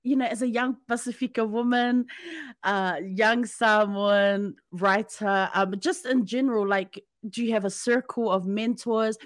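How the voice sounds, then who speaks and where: A woman's voice: a little high, steady tone, measured pace, dry recording, studio quality. A woman hosting a podcast, chatting casually and enthusiastically with a guest. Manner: warm, enthusiastic, frequent affirming "mm". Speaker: podcast host. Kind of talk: casual interview chat.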